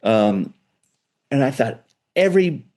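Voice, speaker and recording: A middle-aged man, a guitar builder, chatting as a guest in an interview and telling animated, loose stories with frequent restarts. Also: medium pitch, slow. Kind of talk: casual storytelling interview.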